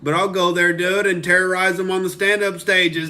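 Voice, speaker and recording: Profane ranting male comedian, bright voice. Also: high voice, level tone, normal speed. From Oklahoma. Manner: profane, heated ranting, reads viewer comments. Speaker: comedian hosting a live stream. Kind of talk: ranting live-stream commentary.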